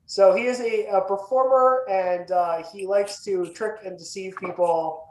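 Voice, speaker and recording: Hesitant player in an echoey room. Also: male voice, sits high, fairly even intonation, measured pace, a little mellow, a little hiss or hum. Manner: hesitant, many fillers. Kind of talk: casual chat about a tabletop character.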